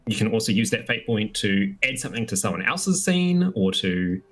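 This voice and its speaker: A man's voice: on the low side, very animated, normal speed. A man running a tabletop game as game master, explaining rules.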